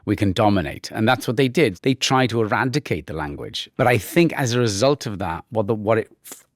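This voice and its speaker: A man's voice: medium pitch, lively intonation, a little fast, no echo, studio quality. Welsh man, candid interview guest. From Wales. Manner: thoughtful, with frequent restarts and mimicked voices. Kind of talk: relaxed conversational interview.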